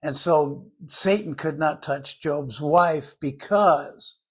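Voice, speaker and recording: An older man with a husky, fairly high-pitched voice preaches slowly. His sermon takes the form of earnest, conversational Bible teaching.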